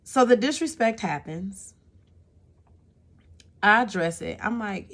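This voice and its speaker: A woman's voice: medium pitch, expressive, slow pace, long pauses, fairly bright tone. A woman telling a personal story to her viewers in a casual, exasperated way. She often repeats words and checks in with "okay?".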